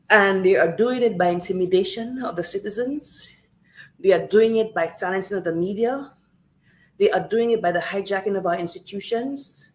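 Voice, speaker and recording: A woman's voice: medium pitch, poor audio. A woman from Saint Lucia, tearful and earnest, giving an impassioned livestream address and repeating phrases for emphasis. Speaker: livestream host speaking on politics. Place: home in Canada.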